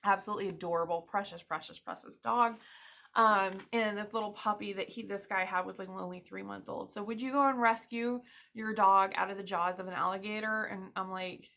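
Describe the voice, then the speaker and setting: A woman realtor talks loosely to her viewers, rambling from one local story to the next with plenty of ums and quick laughs. Her voice is bright and forward, sitting at an ordinary pitch for a woman. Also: creaky. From Florida, US. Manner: chatty and animated, many fillers and laughs. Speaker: realtor giving a market update. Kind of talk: casual chat to camera.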